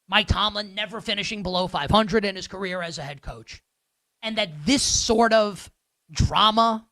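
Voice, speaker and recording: A man with a New York accent hosting a live sports betting talk show, delivering an animated, sarcastic and rambling monologue. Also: high-pitched, dry recording, poor audio.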